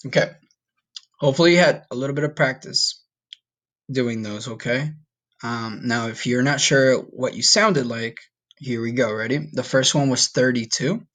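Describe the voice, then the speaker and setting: A man's voice: mid-range voice, fairly bright tone. Encouraging man teaching Spanish numbers. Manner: encouraging, talks straight to students, repeats words slowly to model pronunciation. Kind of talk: casual recorded classroom lesson.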